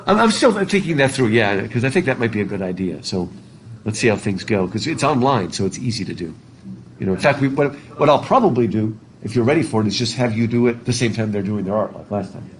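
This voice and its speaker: A man's voice: fairly low pitch, animated, fast, a little hiss or hum, rough recording. A male literature teacher talking casually and ramblingly to his class, laughing easily. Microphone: masked, recording his own class.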